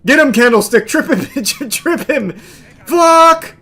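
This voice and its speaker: A man streaming a game, shouting, swearing and laughing in bursts between dry asides. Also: extremely high pitch, lively intonation, slow. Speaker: gaming streamer. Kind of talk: live gameplay commentary.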